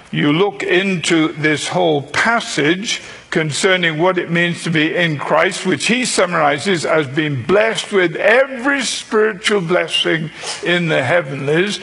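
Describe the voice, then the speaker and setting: A man preaching a sermon, teaching slowly and deliberately, repeating key phrases for emphasis and slipping in dry humor. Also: fairly high pitch, vocal fry, sharp tone, husky.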